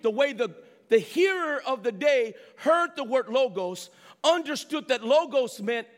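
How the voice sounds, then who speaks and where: A man preaching a sermon, animated, with rhetorical questions and repeated phrases. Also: very high-pitched. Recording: long reverb of a large hall.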